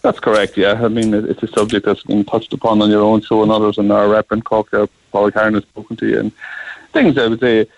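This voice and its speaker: An Irish man speaking as a guest on a radio show, with a fairly low voice. He answers in a measured, earnest way, pausing now and then to choose his words. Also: little pitch movement, dry recording, dull audio. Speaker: guest, union representative. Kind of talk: radio interview.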